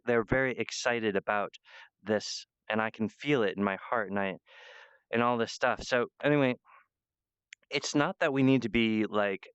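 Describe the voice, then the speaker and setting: A man's voice: medium pitch, smooth, dry recording, highs cut off. A man giving a meandering spiritual monologue, full of fillers and restarts.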